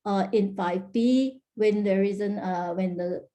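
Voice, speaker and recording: A woman's voice: medium pitch, slow, dark tone. A woman presenting linguistics research at an online workshop, explaining carefully with many hesitations and fillers. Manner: frequent "uh" fillers and restarts, careful explanatory delivery. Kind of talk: academic conference presentation.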